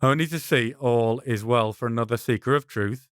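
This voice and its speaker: A man voicing a calm, placid rabbi with a scholarly, quietly forceful way of speaking. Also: medium pitch, moderate pace, clear, resonant tone, no room sound, clean studio sound, close to an everyday voice.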